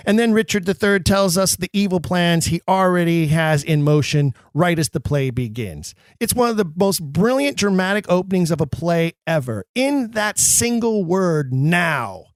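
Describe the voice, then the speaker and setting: A man's voice: high-pitched, no echo. Emphatic man explaining verse, dry close sound. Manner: emphatic, theatrical, quotes verse dramatically. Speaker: podcast host. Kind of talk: scripted lecture on acting Shakespeare.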